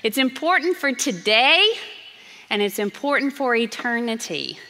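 A woman pastor preaching a sermon, earnest and emphatic, slowing down to stress key phrases. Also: a little high, animated, pushed and bright. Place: church sanctuary. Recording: reverberant church sanctuary.

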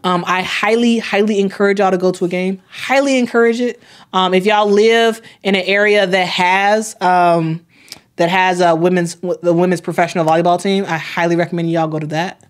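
A woman's voice: fairly low pitch, fairly even intonation, normal speed. A young woman hosting a sports live stream, chatting casually, reading chat comments aloud, often repeating herself with plenty of fillers.

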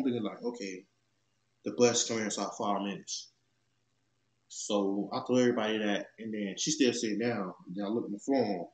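A man's voice: mid-range voice, a little mellow. A young man telling a rambling story from his own life in casual talk, full of swearing, "like" and restarts. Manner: profane, rambling, lots of "like" and restarts. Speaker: YouTube storyteller. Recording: echoey room.

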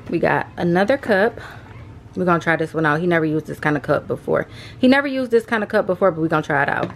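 A young woman talking casually through a shopping haul vlog, addressing viewers as y'all, rushed and a bit out of breath. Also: lowish voice, a little hiss or hum. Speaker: vlogger.

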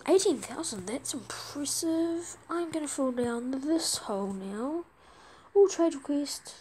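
Casual gaming host, woman, chatty and excitable, high voice with a soft, dark tone. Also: takes it slowly, a little hiss or hum. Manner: excitable, chatty, pleading for trades. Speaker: gaming video creator. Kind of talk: casual let's-play commentary.

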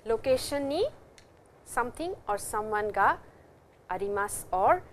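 A woman teacher gives a patient lecture and keeps repeating and stressing her example phrases. Her voice sits fairly high and swings up and down a great deal. A faint hiss runs under the recording. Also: lively intonation, measured pace. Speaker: Japanese language teacher. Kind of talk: classroom lecture.

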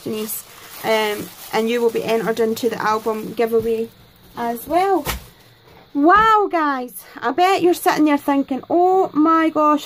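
High-voiced gushing woman. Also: a little hiss or hum, low-quality recording. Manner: gushing, effusive, many exclamations. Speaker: craft vlogger. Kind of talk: unboxing chat to camera. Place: at her craft desk at home.

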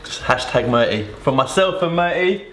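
A man's voice: fairly high pitch, animated, moderate pace, a little hiss or hum. A young man hosting a casual cooking vlog, joking and laid-back. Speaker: vlog host. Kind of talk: casual chat. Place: home kitchen. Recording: echoey kitchen with loud music.

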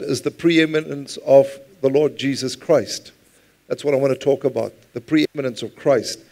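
Male pastor, fairly high voice, easygoing sermon delivery that often calls for congregation responses. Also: darkish tone. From South Africa. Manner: conversational preaching, repeats words, calls for congregation responses. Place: church.

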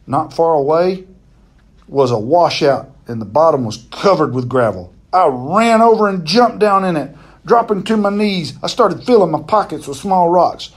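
A man's voice: fairly high pitch, expressive, moderate pace. A man reading a novel chapter aloud, telling it expressively and now and then stumbling and repeating a word.

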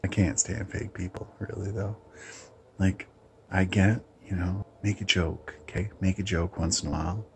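A man hosting his own channel, ranting bluntly in a casual, halting monologue. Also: low voice, steady tone, vocal fry, a little mellow, a little hiss or hum. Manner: blunt, opinionated, halting with restarts. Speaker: channel host.

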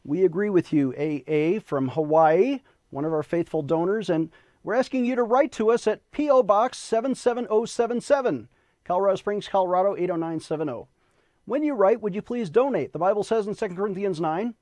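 A man's voice: sits high, animated, brisk, darkish tone, dry recording. A man hosting a Christian television show, praying and making earnest appeals for donations in a preacher's cadence. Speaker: host and chaplain.

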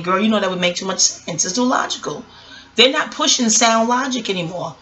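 A bright-voiced woman rambling through casual commentary, cussing freely and drifting off topic. Her talk is loose and scattered, the sound of a home audio recording. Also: mid-range voice. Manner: scattered, profane, digressive. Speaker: online commentator.

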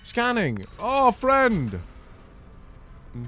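A man commentating a horror game playthrough, swinging from quiet muttering to panicked shouts. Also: very high-pitched, huge pitch swings, very slow, faint music behind. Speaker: gaming video host.

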